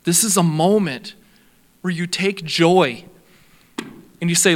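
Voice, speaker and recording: A man's voice: sits high, slow pace, pauses often. Earnest young man preaching a sermon. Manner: earnest, reads a long testimony aloud. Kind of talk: sermon teaching.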